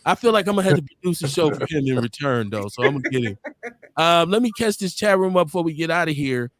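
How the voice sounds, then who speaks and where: A middle-aged man hosting a casual live talk show, animated and swinging his pitch when he quotes people. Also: fast, no room sound, studio quality. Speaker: radio show host.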